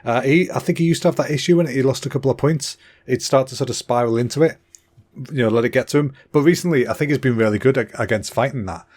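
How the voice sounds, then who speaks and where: This is a man, hosting a casual solo podcast. His voice sits at an ordinary pitch for a man. He talks in an excitable, rambling way, a little out of breath, with a throat that sounds slightly clogged. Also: quick pace. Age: 30s. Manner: chatty and excitable, with fillers and restarts. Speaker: podcast host.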